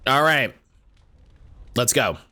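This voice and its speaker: Chatty, expressive male game streamer. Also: mid-range voice, slow pace. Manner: rambling and chatty, laughs easily. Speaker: livestream gaming host. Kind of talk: casual stream commentary.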